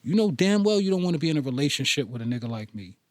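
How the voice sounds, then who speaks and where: A man's voice: on the high side, big pitch swings, rapid-fire, a little mellow, no echo, studio quality. A man playing a cool, blunt young trainer. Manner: confident, nonchalant, blunt.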